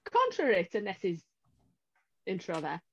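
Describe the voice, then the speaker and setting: British woman cohost, mid pitch, playful and easygoing. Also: huge pitch swings, measured pace, slightly rough, lo-fi sound. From United Kingdom. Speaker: podcast co-host. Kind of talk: casual chat.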